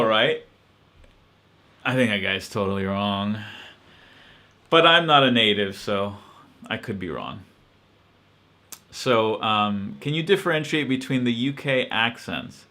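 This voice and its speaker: A man's voice: medium pitch, pushed and bright. A man hosting a casual live-stream Q&A, answering questions in a hesitant, reflective way with many ums and restarts.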